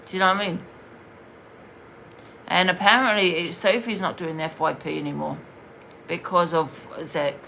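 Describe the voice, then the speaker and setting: A woman's voice: fairly low pitch, steady tone, normal speed, gravelly, pauses often, pushed and bright, slight background noise. Blunt rambling woman streamer. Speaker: livestream host. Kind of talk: casual livestream chat.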